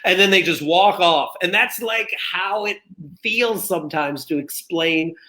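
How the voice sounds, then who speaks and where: Bright, animated man telling a story. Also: sits high, a little slow. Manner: animated storytelling, acting out quoted voices. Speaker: guest. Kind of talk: conversational interview.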